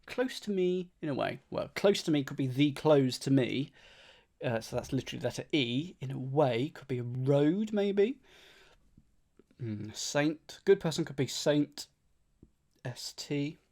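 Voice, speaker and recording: Gravelly man musing over crossword clues. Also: mid-range voice, lively intonation, measured pace, a little mellow. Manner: muses half to himself, repeats clues under his breath, thanks chat by name. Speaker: streamer solving a crossword. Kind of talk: casual thinking aloud while solving.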